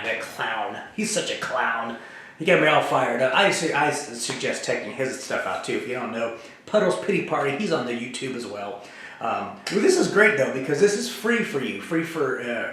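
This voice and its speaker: A middle-aged man hosting his own comedy show, rambling in a deadpan way and jumping from topic to topic with halting restarts. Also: medium pitch, slight background noise. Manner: halting, many fillers and restarts. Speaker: host. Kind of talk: rambling comedic monologue to camera. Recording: very echoey room.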